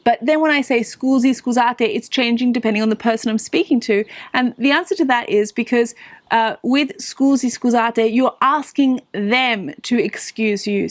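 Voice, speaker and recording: A woman teaches Italian phrases in a loose, chatty way, often restarting her sentences. Her voice sits a little high, and she slows right down to sound out each phrase. The sound is dry and close. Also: dry recording. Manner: chatty, with frequent restarts, slowing to model phrases. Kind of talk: casual spoken lesson.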